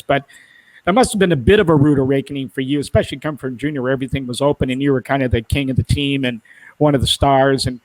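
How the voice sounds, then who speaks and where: Podcast host, dry close sound. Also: male voice, mid-range voice, dry recording, poor audio. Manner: long, rambling setups before questions. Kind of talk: casual interview questions.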